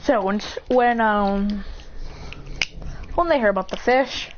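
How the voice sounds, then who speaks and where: A woman's voice: medium pitch, slow. A woman casually retelling a fan story, rambling with fillers and dropping into quoted voices. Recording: dull lo-fi with faint hiss.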